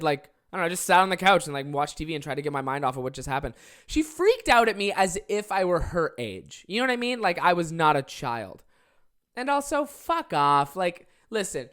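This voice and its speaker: A young adult podcast host, telling stories in a casual, animated way, swearing freely and acting out the people in them. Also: mid-range voice. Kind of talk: casual comedic storytelling.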